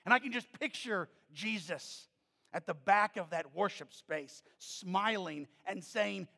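A middle-aged pastor delivers a storytelling sermon, his voice pitched high with a gravelly edge. He swings from quiet reflection to emphatic, driving peaks. The sound carries the long reverb of a large church sanctuary. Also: a little slow. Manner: animated, storytelling preacher who rises to emphatic peaks.

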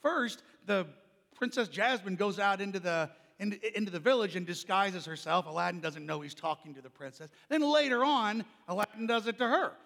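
A man preaching a sermon, telling a lively personal story with a loud, carrying voice. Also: high voice, brisk, creaky, in a large hall. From Oklahoma. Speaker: pastor.

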